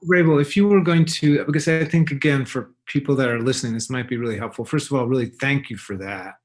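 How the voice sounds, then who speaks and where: Appreciative man in mid pitch. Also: quick pace. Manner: appreciative, reflective. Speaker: guest expert. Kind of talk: interview conversation.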